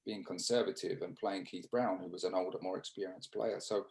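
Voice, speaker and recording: Man, low voice, gravelly, English, reminiscing interview guest, hesitant restarts, video call. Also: fairly even intonation, darkish tone, low-quality recording. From England. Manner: reminiscing, halting with restarts and fillers. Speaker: interview guest, former cricketer. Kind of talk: casual interview storytelling.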